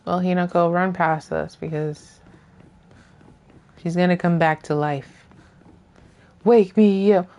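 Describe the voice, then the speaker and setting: Woman, gaming streamer, casual commentary, unhurried pace, playful scolding of on-screen foes. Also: on the low side, fairly even intonation, dull audio. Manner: scolds game enemies and characters in joking rants. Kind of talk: casual let's-play commentary.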